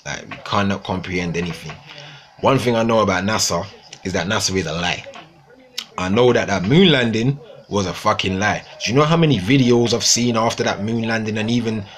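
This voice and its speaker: A man's voice: on the low side, brisk. A young man ranting casually to viewers on a livestream, swearing often and repeating himself. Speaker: livestream host.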